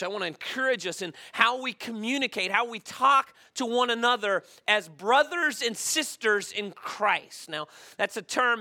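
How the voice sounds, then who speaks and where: Guy preaching, bright voice, keeps asking okay, high pitch. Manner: conversational, frequent "okay?" check-ins. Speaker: pastor. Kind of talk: sermon.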